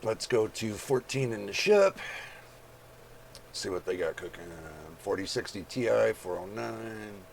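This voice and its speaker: Male channel host, very gravelly voice, casual price read-through with viewer asides. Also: lowish voice, lively intonation, measured pace, a little hiss or hum. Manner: reads prices aloud, chatty asides to viewers. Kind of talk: casual screen-share commentary.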